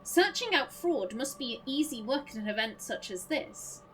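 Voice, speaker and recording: A woman's voice: high-pitched, big pitch swings, moderate pace, slight background noise. A woman reading as a doubting young investigator. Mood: skeptical. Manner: plain, blunt and doubting. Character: skeptical young male investigator. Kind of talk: reading game dialogue aloud.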